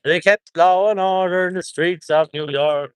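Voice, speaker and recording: A man's voice: sits high, steady tone, moderate pace, smooth, no room sound. An Irish man chatting on a live stream, reading out viewer comments and thanking viewers by place in an upbeat way, outdoors at a protest on a phone held close. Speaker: livestreamer.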